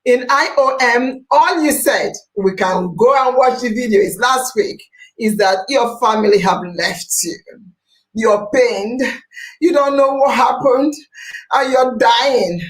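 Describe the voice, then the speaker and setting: Impassioned female podcast host, fairly high voice, unhurried and emphatic. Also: low-quality recording. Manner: emphatic, preachy, repeats phrases, rises to near-shouts.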